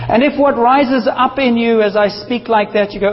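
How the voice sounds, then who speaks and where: A man preaching a sermon in a church, passionate and animated, with playful asides to the congregation. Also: very high voice, moderate pace, few pauses, long reverb tail, muffled recording. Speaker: pastor.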